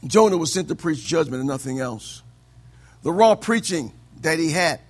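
A man preaching a sermon, asking the congregation for amens and swinging between loud declaiming and quiet asides. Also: a little high, lively intonation, moderate pace. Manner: call-and-response preaching, asks for amens. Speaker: pastor.

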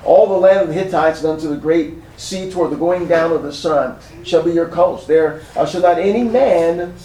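A man's voice: a little high, moderate pace, dark tone, roomy sound, recorded from a distance, rough recording. A man preaching a sermon as pastor, building his points with emphasis and repetition.

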